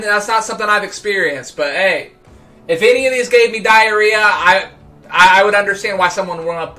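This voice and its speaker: A man with a high, bright, ringing voice talks loosely on a livestream, stumbling over his words and repeating himself as he goes. Faint music plays behind him. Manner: rambling, stammering repeats. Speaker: livestream host. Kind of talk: casual livestream chat.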